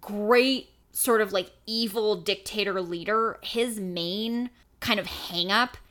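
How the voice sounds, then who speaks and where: A woman's voice: mid-range voice, takes it slowly, fairly bright tone. A woman co-hosting a podcast in casual chat, sarcastic and swearing, with exasperated asides. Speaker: podcast co-host.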